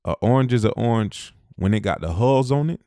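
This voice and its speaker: A man's voice: mid-range voice, expressive, brisk, vocal fry, dark tone, no room sound, studio quality. A man giving a motivational talk, hammering points home by repeating short phrases. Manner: preachy, repeats phrases for emphasis, Southern US speech. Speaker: motivational speaker.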